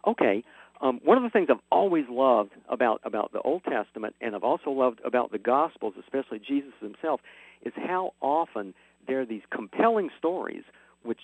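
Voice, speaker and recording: A man, a catechism teacher telling classroom stories as a radio guest, quick and animated. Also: medium pitch, dry recording, narrow, tinny audio. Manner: fast, animated retelling, jumping into dialogue. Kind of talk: radio interview guest, storytelling.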